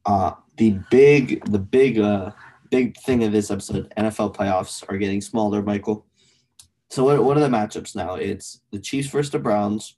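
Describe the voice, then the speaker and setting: A young man co-hosting a casual sports podcast, animated and blunt, swearing casually as he argues picks. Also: lowish voice, moderate pace, slightly rough. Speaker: podcast co-host.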